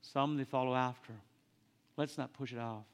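A man preaching a sermon in an earnest, halting way, often repeating his phrases. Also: medium pitch, fairly even intonation, smooth. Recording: long reverb of a church hall.

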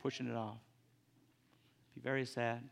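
A man preaching a sermon in an earnest, halting way, often repeating his phrases. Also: mid-range voice, little pitch movement, creaky. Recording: long reverb of a church hall.

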